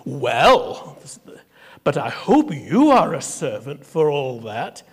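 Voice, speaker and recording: A man's voice: on the high side, very animated, takes it slowly, slightly rough, long reverb tail, full character voice. A man reading the lines of an earnest old-time minister who corrects a parishioner in formal speech. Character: earnest male minister, instructing, a little stiff.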